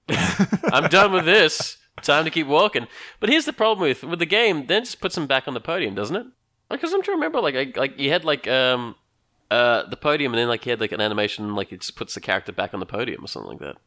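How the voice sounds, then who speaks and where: A man's voice: medium pitch, sing-song, racing, bright, forceful tone, no room sound, clean studio sound. A man co-hosting a casual chat, rambling with lots of fillers and jumping into silly acted-out voices. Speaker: podcast co-host.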